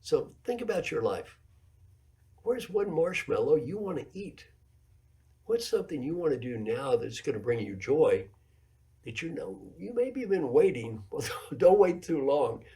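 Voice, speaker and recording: Man, 70s, executive coach giving a keynote, mellow voice, emphatic storyteller who drives points home by repetition. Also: on the high side, very animated, measured pace. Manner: storytelling, emphatic, repeats key phrases. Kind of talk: keynote lecture with anecdotes.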